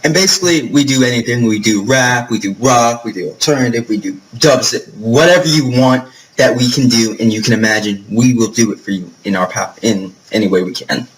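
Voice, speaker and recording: A man's voice: mid-range voice, a little fast, slight background noise, rough recording. A young man from New York talking straight to camera, telling rambling, profane stories full of fillers. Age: young adult. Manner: chatty, profane storytelling with lots of fillers. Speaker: vlogger. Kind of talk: casual vlog monologue.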